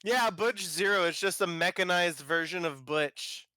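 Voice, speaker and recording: A man with a bright, forceful, rather high voice jokes his way through a podcast chat with friends. He swears casually and keeps cutting in with quick ideas. The recording is close and dry. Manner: swears casually, quick jokey interjections, talks over others. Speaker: podcast co-host.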